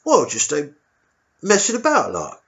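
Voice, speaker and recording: A man doing a nervous young soldier, his voice pushed up high and his answers trailing off into vague, repeated hedges. He sounds anxious and evasive, as if he dreads a superior's questions. The sound is dull and lo-fi. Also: huge pitch swings, unhurried. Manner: hesitant, mumbling, repeats himself. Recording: dull lo-fi recording.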